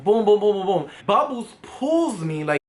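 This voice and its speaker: Animated young man telling a story. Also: high voice, a little slow. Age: 20s. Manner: animated, profane, dramatic, acting out other people's voices. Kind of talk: casual storytime. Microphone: camera vlog setup.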